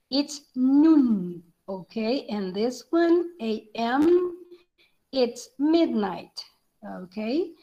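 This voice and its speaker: Brief: female English teacher, slow deliberate delivery, fairly high voice, keeps asking "okay?". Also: dark tone, low-quality recording. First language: Spanish. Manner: slow, explanatory, checks in with "okay?". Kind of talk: online class instruction.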